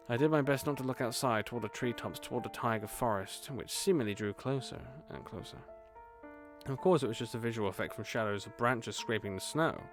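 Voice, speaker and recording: A man, a gaming streamer, reading a horror visual novel aloud with casual, swearing asides. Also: fairly low pitch.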